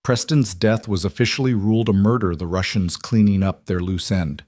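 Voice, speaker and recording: A man reading a scripted story aloud in an even, measured way. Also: fairly low pitch, no echo, studio quality. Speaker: narrator.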